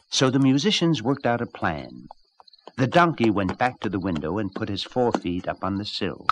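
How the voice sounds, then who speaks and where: Animated man reading a fairy tale. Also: fairly low pitch, moderate pace, a little hiss or hum. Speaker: storyteller. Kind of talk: storybook narration.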